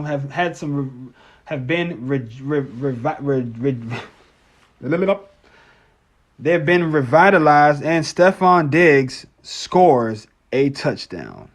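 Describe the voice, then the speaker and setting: Brief: a male sports streamer with a slightly high voice, ranting casually, swearing and stumbling over his words. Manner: rambling, profane, stammering restarts. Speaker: sports live-stream host. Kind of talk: casual post-game live-stream rant.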